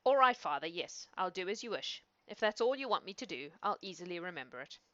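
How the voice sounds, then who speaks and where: A woman voicing a simple, fearless young man who speaks bluntly and sometimes shouts. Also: fairly low pitch, very animated, brisk, dry recording, lo-fi sound. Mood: plainspoken. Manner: blunt, matter-of-fact, raised and shouting at times.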